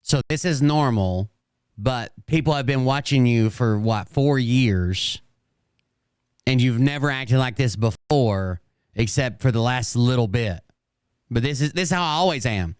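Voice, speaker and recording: A man's voice: medium pitch, animated, measured pace, a little mellow, clear, resonant tone, no room sound. A man giving sarcastic reaction commentary on a livestream, dry and mocking.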